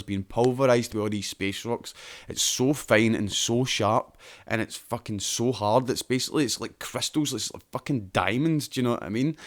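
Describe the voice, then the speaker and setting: A Scottish man hosting a podcast, chatting casually, explaining at length with plenty of swearing and laughter. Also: lowish voice. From Scotland. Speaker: podcast host. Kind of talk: casual chat.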